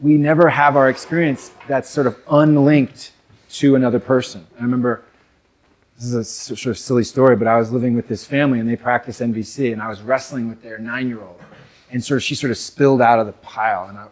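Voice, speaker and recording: A man's voice: medium pitch, fairly even intonation, brisk. Brief: young adult North American man, speaking to a live audience, conversational and reflective, mid-range voice. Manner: reflective, conversational, many fillers and asides. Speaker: men's work speaker.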